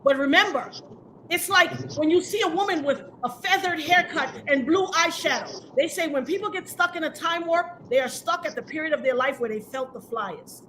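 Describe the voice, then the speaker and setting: Woman, very high voice, bright tone, defiant livestream rant, emphatic, preachy. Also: moderate pace, slight background noise.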